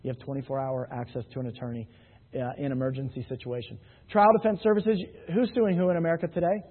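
A fast-talking man with a mid-range voice gives a sales talk full of anecdotes and jokes to a live audience in a hall, frequently asking "right?". The recording is tinny, phone-like, and drenched in long hall reverb.

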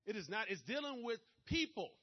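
A man with a Maryland accent giving a fast-talking, energetic motivational seminar talk straight to his audience. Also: sits high, muffled recording. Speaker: motivational speaker at a business presentation.

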